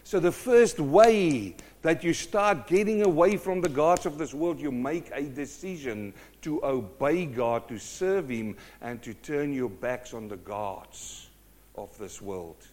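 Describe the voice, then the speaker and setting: A middle-aged man preaching a sermon, telling stories with lively acted-out voices. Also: on the high side, slow pace. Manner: animated storytelling, acts out quoted voices.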